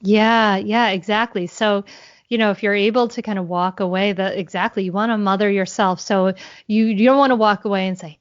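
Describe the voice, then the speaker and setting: A woman answering as a podcast guest, explaining calmly and earnestly, thinking aloud as she goes. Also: mid-range voice, normal speed, dry recording, lo-fi sound. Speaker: guest, mindfulness mentor for parents.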